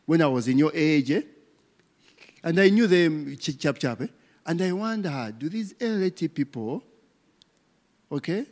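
A man's voice: on the high side, a little mellow. A man, a pastor preaching an interactive sermon who teases his congregation with rhetorical "what?" questions and tags like "eh?" and "okay?". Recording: long reverb of a hall.

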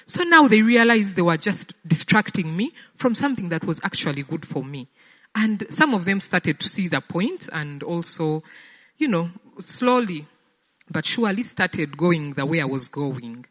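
A woman with a fairly low voice shares a personal testimony in the manner of a sermon. She speaks conversationally and often stumbles over and repeats words as she looks for the right ones. Her voice rings with the long reverb of a large hall. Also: big pitch swings, moderate pace, fairly bright tone.

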